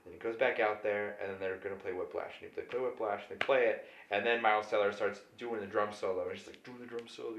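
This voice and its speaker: A drunk man rambling through a comedic recap of a film, swinging between loud and quiet. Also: lowish voice, steady tone, fast talker, hardly any pauses, a little hiss or hum. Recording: echoey room.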